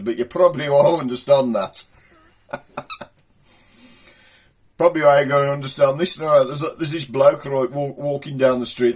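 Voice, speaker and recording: A man with a Black Country accent hosting a casual comic video, rambling through old local sayings and jokes. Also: medium pitch. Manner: rambling, folksy joke-telling.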